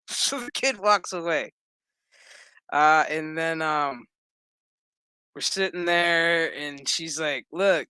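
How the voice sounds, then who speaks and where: A man's voice: fairly high pitch, pushed and bright, clean tone, no echo. A man giving a rambling, profane recap of a TV episode, acting out the characters' lines as he goes. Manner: rambling, profane, acts out quotes. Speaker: show recap reviewer.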